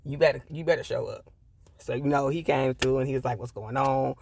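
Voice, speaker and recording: A man's voice: mid-range voice, fairly even intonation, quick pace, creaky, a little mellow, breathy edge. A man giving a casual, blunt TV episode review, swearing freely and repeating his points for emphasis. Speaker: TV show reviewer.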